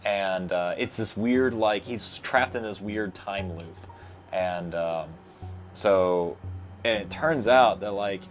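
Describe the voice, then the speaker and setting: Low-voiced man rambling in chat. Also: slow pace, soft background music. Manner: rambling, many restarts and fillers. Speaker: guest. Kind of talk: casual chat. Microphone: lapel mic.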